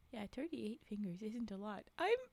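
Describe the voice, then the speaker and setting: Sleepy and yawning, a young woman streamer with a medium-pitched, darkish voice reads stories to her chat, giggling and reacting with exasperated disbelief. There's no echo on the recording.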